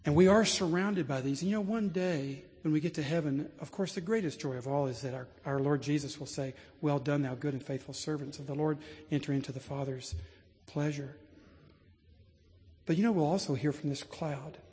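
A man preaching a sermon in a large church, telling stories earnestly and building to animated emphasis. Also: fairly high pitch, moderate pace. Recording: long reverb of a church.

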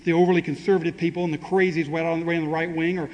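A man's voice: fairly high pitch, flat delivery, very fast, hardly any pauses, a little mellow. A man preaching a sermon in a conversational way, asking his congregation rhetorical questions and acting out quoted speech with dry humor. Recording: long hall reverb, faint ambient noise.

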